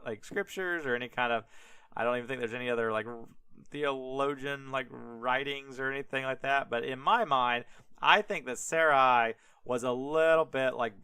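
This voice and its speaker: A young male podcast host retells scripture in an irreverent, rambling style, full of fillers and asides. His voice is bright and smooth, and the recording is close and dry with no room sound. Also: medium pitch, no room sound.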